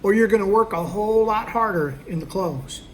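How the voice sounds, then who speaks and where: In this instructional talk, a male sales trainer explains a technique conversationally, performing both roles of a sales dialogue and pausing to ask "okay?" and "all right?" His high-sitting voice moves at a moderate pace, with slight background noise present.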